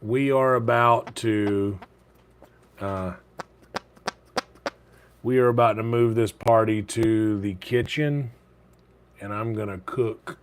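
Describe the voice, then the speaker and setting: A man's voice: fairly low pitch, fairly even intonation, takes it slowly, long pauses, smooth. A man streaming live from his home kitchen late at night, chatting casually and keeping his voice down so he won't wake his sleeping roommates. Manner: talks quietly so as not to wake sleeping roommates; casual and rambling, with fillers.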